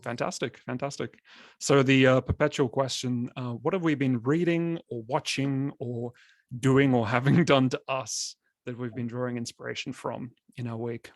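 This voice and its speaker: A man's voice: medium pitch, steady tone, normal speed, dry recording, studio quality. Chatty man hosting a podcast. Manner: upbeat, chatty, joking. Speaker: podcast host. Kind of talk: casual podcast chat.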